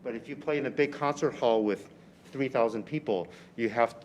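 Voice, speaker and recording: A man teaching a violin master class in a rehearsal room, coaching a student with lively, exaggerated phrasing and frequent restarts. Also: medium pitch, moderate pace, a little hiss or hum. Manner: animated, exaggerated teaching delivery with repeated phrases.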